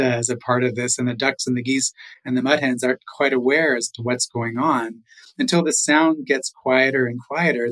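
Middle-aged man from Canada, relaxed oral storyteller with asides and chuckles, mid-range voice. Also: mid-range voice, poor audio. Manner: unhurried, with chuckles and "you know" asides. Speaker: guest storyteller.

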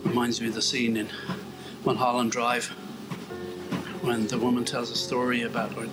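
A man's voice: medium pitch, monotone, normal speed, over loud music, low-quality recording. A man vlogging in a wry, self-mocking, rambling way as he comments on a walking video. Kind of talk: casual commentary while watching a walk video.

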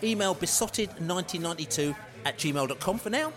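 Eager fast-talking podcast host man. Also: sits high, expressive. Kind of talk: promotional chat.

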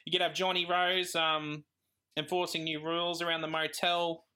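A man's voice: fairly high pitch, flat delivery, normal speed, pushed and bright. A man co-hosting a podcast in casual chat, laughing often. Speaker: podcast co-host.

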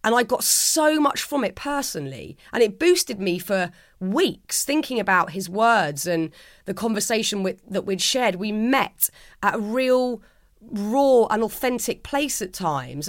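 A woman's voice: on the high side, expressive, measured pace, dry recording, clean studio sound. A middle-aged woman, a guest in an interview, speaking in a heartfelt, earnest way, often restarting her sentences. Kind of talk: reflective interview conversation.

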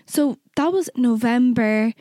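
A woman's voice: fairly high pitch, takes it slowly, warm tone, no room sound, studio quality. A young woman, co-hosting a podcast, telling a personal story in casual chat, candid and swearing freely. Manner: candid, swears freely, acts out quoted exchanges. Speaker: podcast co-host.

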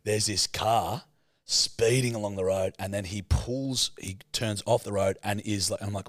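A man's voice: lowish voice, fairly even intonation, unhurried, fairly bright tone, dry recording. A man with an Australian accent, a podcast co-host telling a crude, swearing story in casual chat on a close mic.

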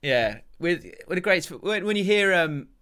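A man's voice: high voice, lively intonation, moderate pace, bright, forceful tone, smooth. A man co-hosting a casual football podcast, chatty, laughing often and restarting his sentences. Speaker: podcast co-host.

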